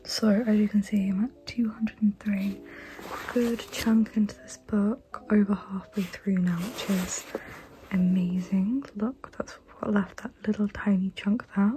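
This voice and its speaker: A young woman, chatting casually in a book review vlog and often speaking in a hushed whisper. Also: mid-range voice, fairly even intonation, a little slow, soft background music, rough recording. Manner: often whispering late at night, enthusiastic. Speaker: book vlogger.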